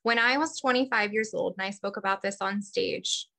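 Bright-voiced woman telling a story. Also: mid-range voice, normal speed, creaky. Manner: open, storytelling. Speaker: guest. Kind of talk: personal story on a podcast.

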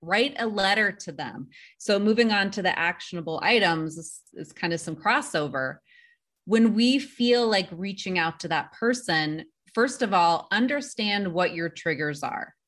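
A woman therapist on a podcast, giving advice in a calm, measured, instructive way. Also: fairly low pitch.

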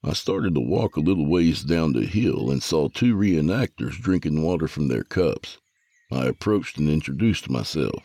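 A man narrating a first-person story with a gravelly, husky voice. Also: very deep voice, animated, moderate pace, warm tone, no room sound.

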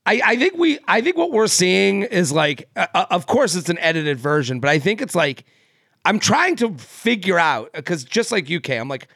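In a dry, clean studio recording, a man with a high-pitched, fairly bright, breathy voice speaks at normal speed and with great animation. Co-hosting a laid-back podcast, he rambles, restarts sentences, uses many fillers, and laughs often.

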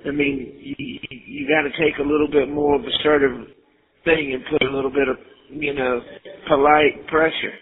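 A man's voice: a little high, fairly even intonation, moderate pace. A middle-aged man on a recorded jail phone call, coaching and insisting, repeating his points. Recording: tinny jail phone line.

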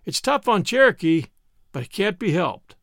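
A mock-grand Western camp man who puffs up his words in a florid, formal way , as a man reading the story puts him on. The voice sits fairly high with a lot of movement, and the recording is dry. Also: sing-song, moderate pace, creaky, fairly bright tone, no echo, exaggerated voice. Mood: apologetic.

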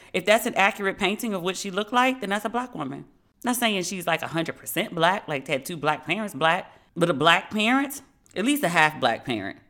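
A woman's voice: on the low side, fairly bright tone. A woman giving a casual, candid review monologue, talking bluntly in slang with many asides. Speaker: vlogger reviewing a TV series.

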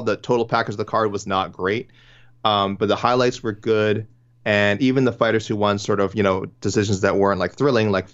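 Rambling man on a dull lo-fi podcast mic. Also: on the low side. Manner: rambling, self-interrupting, quick asides. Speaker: podcast co-host. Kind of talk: casual podcast chat about fights. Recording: dull, lo-fi sound.

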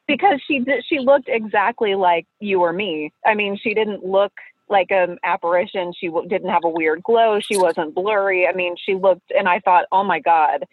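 A woman's voice: medium pitch, moderate pace, no room sound. Woman telling a story over a tinny phone line. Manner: animated, acts out quoted voices. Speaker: caller telling a ghost story. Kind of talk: casual storytelling.

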